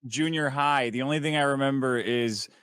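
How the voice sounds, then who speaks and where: A man co-hosting a comedic podcast who tells an animated story and acts out the quotes in it. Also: mid-range voice, normal speed, clean tone, dry recording. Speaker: podcast co-host.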